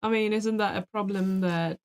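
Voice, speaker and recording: A woman co-hosts a live question-and-answer chat and reads questions out to her partner. She talks in a frank, offhand way and swears casually. Her voice sits in a middling pitch. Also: steady tone, moderate pace, a little mellow, a little hiss or hum. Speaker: co-host reading viewer questions.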